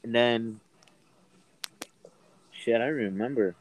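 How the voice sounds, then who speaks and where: A man's voice: medium pitch, slow, low-quality recording. Teasing young man chiming in. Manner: teasing, jumps in with jokes. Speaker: friend. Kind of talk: casual chat.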